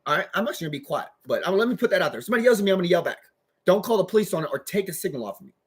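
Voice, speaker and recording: A man's voice: high voice, very animated, very fast, breathy edge. A man giving an agitated, rambling monologue as a vlogger, swearing heavily. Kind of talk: profane ranting monologue.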